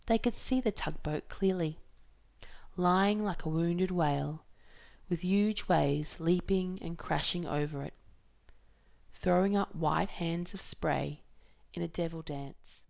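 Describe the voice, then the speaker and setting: A woman reads a novel aloud in a measured, even storytelling way. Her voice sits low, with a gravelly edge, and she takes her time. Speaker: reader.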